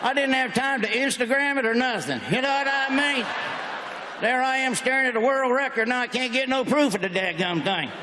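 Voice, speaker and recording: Southern stand-up comic in a big hall. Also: male voice, extremely high pitch, background noise. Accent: Southern American. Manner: folksy drawl, rapid-fire punchlines. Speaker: stand-up comedian. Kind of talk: stand-up comedy set. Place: large hall on stage. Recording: stage mic in a big reverberant hall.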